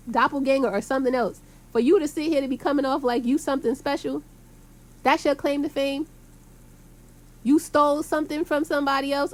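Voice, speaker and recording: A woman, rambling to her viewers in a loose, emphatic monologue. Her voice sits a little high, and her talk is full of slang, "yo"s and curses. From Brooklyn, New York. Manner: rambling, emphatic, heavy street slang with frequent yo and cursing. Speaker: vlogger. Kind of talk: casual rambling monologue to camera.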